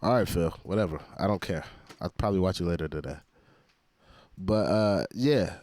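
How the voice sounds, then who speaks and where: A man's voice: sits low, normal speed, darkish tone. A man hosting a reaction video, commenting in a blunt, profane, exasperated way.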